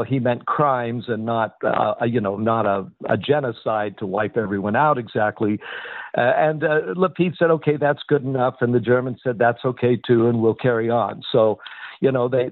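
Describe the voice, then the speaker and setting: A man's voice: mid-range voice, no room sound. Older man on a tinny phone line. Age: 60s. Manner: measured, many fillers and restarts. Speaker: news analyst guest. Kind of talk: radio interview commentary.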